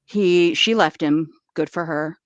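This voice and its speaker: A woman's voice: low voice, measured pace, dry recording. Wry woman, blunt storytelling, dull sound. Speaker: podcast co-host. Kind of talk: casual chat.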